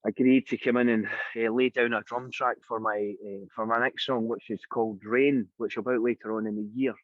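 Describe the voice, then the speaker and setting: A Scottish singer being interviewed, telling anecdotes in a casual, animated way and acting out the voices of the people in them. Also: male voice, medium pitch, fairly quick, dry recording. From Scotland. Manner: lively anecdotal storyteller, acts out quoted voices. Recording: dry, dull lo-fi sound.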